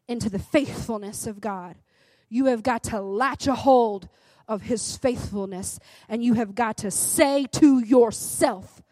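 A woman's voice: sits high, no room sound. A woman in her thirties giving a conversational sermon, chatty and often asking "right?", then turning emphatic and fervent. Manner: emphatic, rises to fervent urging. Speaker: devotional speaker.

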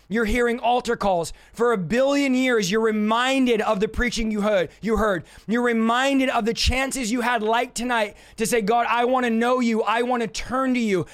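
A male preacher with a very high voice, delivering a sermon with urgent intensity. He tells vivid stories and acts out desperate pleas along the way.

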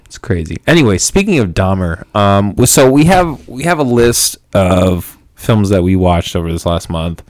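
A young man with a very low voice hosts a casual podcast, joking at his own expense and laughing a lot. The sound is dry and close, with no room echo. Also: big pitch swings, moderate pace, few pauses. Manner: jokey, self-mocking, laughs often. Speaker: podcast host. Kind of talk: casual chat.

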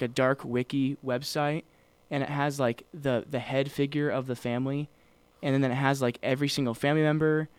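A man's voice: mid-range voice, clear, resonant tone, dry recording. Rambling man chatting about TV shows. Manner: rambling, many fillers and restarts. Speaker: podcast co-host. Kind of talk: casual chat.

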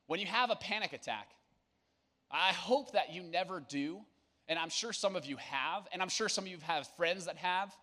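Bright-voiced young pastor, casual and joking. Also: male voice, sits high, normal speed. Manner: casual, joking and energetic, then earnest. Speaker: youth pastor. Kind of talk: sermon to young people. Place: church.

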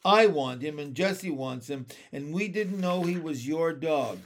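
A man's voice: a little high, expressive, measured pace. A man reading aloud, voicing an eager, pleading little boy in a storybook.

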